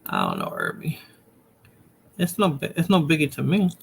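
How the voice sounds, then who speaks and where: A man's voice: on the high side, huge pitch swings, normal speed, gravelly, slight background noise. A man hosting a live stream in casual chat, laid-back and chuckling as he signs off.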